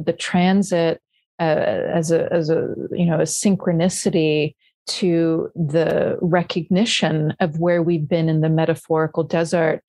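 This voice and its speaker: A woman with a lowish, mellow voice, reflecting slowly on mythic images in a casual conversation. She talks in a halting way, restarting her sentences as she gathers her thoughts. The recording is close and dry. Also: no room sound. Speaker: astrology podcast co-host.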